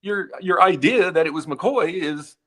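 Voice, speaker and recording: A man's voice: high voice, expressive, measured pace, fairly bright tone. A man speaking as a guest in a live Q&A, earnest and prone to stammering restarts. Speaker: guest, retired FBI agent. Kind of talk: live Q&A discussion.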